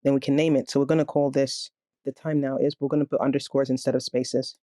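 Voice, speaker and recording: A man walks through a programming tutorial step by step in a relaxed, explaining manner. His voice is warm and mellow, and the recording is close and dry with no room sound. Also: mid-range voice, quick pace, no room sound. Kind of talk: screen-recorded coding tutorial.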